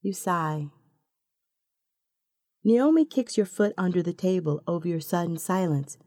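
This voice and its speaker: A woman narrates a second-person story in an unhurried, intimate way. Her voice is low and mellow, recorded close in a dry booth with no room sound. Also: expressive, dry recording.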